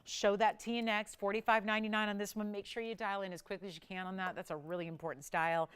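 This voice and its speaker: Smooth-voiced woman selling jewelry live. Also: medium pitch, little pitch movement, fast, fairly bright tone. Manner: enthusiastic, chatty, talks to callers and crew. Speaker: shopping channel jewelry host. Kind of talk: live on-air sales pitch.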